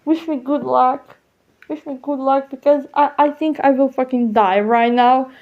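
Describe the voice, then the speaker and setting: A woman rambling casually in an audio diary, swearing and halting as she wraps up. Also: high-pitched, fairly even intonation. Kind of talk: casual spoken musing. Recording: dull lo-fi recording.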